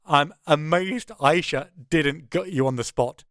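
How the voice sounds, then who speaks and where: A man's voice: a little high, a little slow, fairly bright tone, no room sound, studio quality. A man, narrating his own first-person audiobook in a wry, conversational way.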